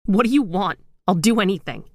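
A woman voicing a terrified woman who pleads in a high, loud voice. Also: lively intonation, brisk, no echo. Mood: sobbing plea. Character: terrified woman dragged by a ghost.

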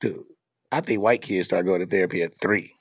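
A man, a comedian and dad hosting a podcast, telling stories in a casual, animated way with plenty of cursing. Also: sits low, brisk. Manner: animated storytelling, cursing freely. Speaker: podcast host; comedian and father.

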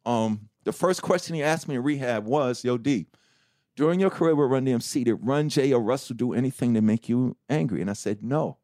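A middle-aged man, a rapper as interview guest, telling his story candidly with profanity, restarts and acted-out quotes of other people. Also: medium pitch. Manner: animated, profane, acts out quoted dialogue; halting restarts and self-corrections.

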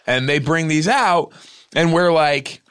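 A man's voice: a little high, takes it slowly, a bit bright, clean tone. A man hosting a comedy podcast who tells a long, absurd story in a rambling way, full of fillers. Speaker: podcast host.

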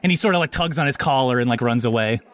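A man's voice: mid-range voice, quick pace. A man narrating a comedy tabletop game as game master, rambling with many fillers and restarts.

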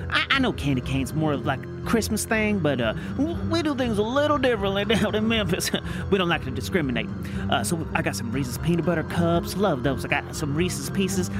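Женщина играет хвастливого болтливого южанина с южноамериканским акцентом, который медленно и сбивчиво рассказывает байку. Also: female voice, deep voice. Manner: drawling, rambling, full of fillers. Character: boastful rambling Southern man, storyteller. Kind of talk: improvised comedy character.

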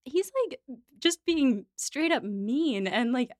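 A woman's voice: sits high, slow, no room sound, clean studio sound. A woman hosting a podcast, chatting casually about a TV adaptation and acting out quoted lines. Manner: animated, acts out quoted lines. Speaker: podcast host.

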